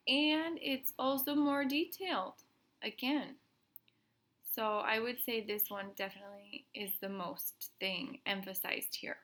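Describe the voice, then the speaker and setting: A woman art teacher speaks slowly and clearly to young students, pausing to ask questions and point things out. Her voice has a bright, forward ring. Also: fairly high pitch. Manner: slow, gentle and explanatory, asking questions aloud. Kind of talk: recorded art lesson for children.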